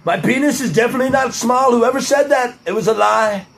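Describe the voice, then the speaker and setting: A man's voice: very high voice, brisk, creaky, a bit bright, pitched above the performer's own voice, full character voice. A man doing an impression of a brash, boastful older male politician, full of superlatives and blunt off-color remarks.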